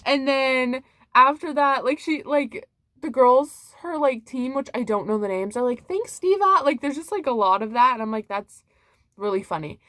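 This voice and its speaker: A woman's voice: high-pitched, normal speed, fairly bright tone, no room sound. Bubbly giggly young woman, dry close sound. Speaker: vlogger reviewing movies. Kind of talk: casual chat.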